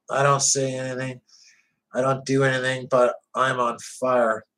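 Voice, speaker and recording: A man reads an audiobook in the first person, telling a tough street story in a gritty, conversational way. His pace is slow and deliberate, and his pitch sits in an ordinary middle range. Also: fairly bright tone, rough recording. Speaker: audiobook narrator.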